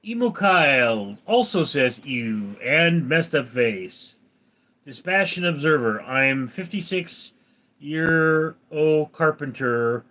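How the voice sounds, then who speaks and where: This livestream host, a Californian in his forties, speaks slowly in a fairly high voice with lively intonation and a sharp tone. He reads comments from his chat and responds to them dryly in a casual way.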